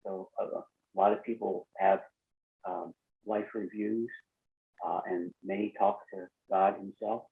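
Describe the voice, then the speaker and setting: A man's voice: deep voice, fairly even intonation, unhurried, gravelly, breathy edge. A man telling the story of his near-death experience as a podcast guest, earnestly recounting conversations with lots of "I said" and "she goes.". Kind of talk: personal storytelling. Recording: tinny phone-like line.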